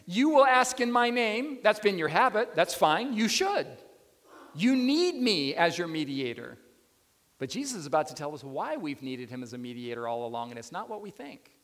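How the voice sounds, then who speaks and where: A man preaching a sermon as pastor, animated and often putting questions to his listeners. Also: high voice, moderate pace. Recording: long reverb of a hall.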